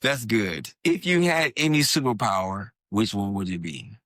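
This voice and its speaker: Relaxed, low-voiced male podcast host. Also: moderate pace, dry recording, clean studio sound. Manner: relaxed, affirming with short backchannels. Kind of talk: casual interview.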